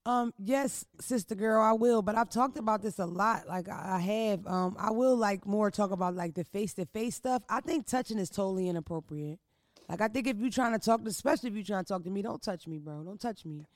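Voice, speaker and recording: A woman hosting an advice podcast in a studio, telling stories in a loud, profane, animated way. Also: medium pitch, a little fast, no echo. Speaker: podcast host giving advice. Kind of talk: casual comedic chat.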